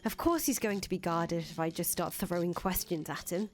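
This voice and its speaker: A woman's voice: fairly low pitch, normal speed, natural voice. A woman voicing a flustered, friendly young traveler. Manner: chatty, easily flustered, stammers when nervous. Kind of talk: fan voice acting of a visual novel.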